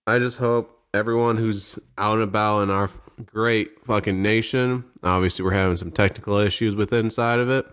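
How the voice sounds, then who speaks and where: A man's voice: lowish voice, fairly even intonation, normal speed, a bit bright, clear, resonant tone. A man in a casual chat, ranting and swearing with sarcastic jabs.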